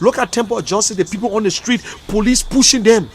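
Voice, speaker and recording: A Liberian man hosting an online talk show speaks in a Liberian English accent, his voice sitting high with a breathy edge. He talks fast with few pauses, giving impassioned, emotional, fiery commentary on a livestream with repeated outbursts.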